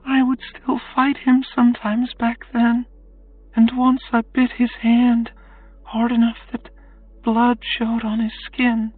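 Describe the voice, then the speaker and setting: A woman voicing a weary young captive woman, speaking in a quiet, halting confession for an audiobook, over faint music. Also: fairly high pitch, monotone, no room sound. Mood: haunted. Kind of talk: audiobook character voice. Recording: distant tinny phone-like sound, faint music.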